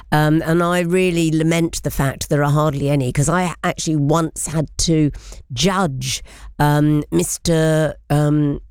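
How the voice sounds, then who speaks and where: A woman's voice: low-pitched, darkish tone, clear, resonant tone, no room sound, clean studio sound. A woman in her sixties hosting a radio interview, chatting enthusiastically and gushing over stories. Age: 60s. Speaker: radio presenter. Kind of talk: casual interview chat.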